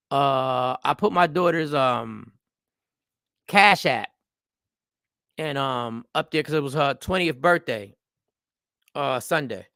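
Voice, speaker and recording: A man in his forties hosting a casual live show, animated and rambling, often repeating phrases. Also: mid-range voice, slow, gravelly, long pauses, dry recording, clean studio sound. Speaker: comedian and show host. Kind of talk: casual live-stream talk.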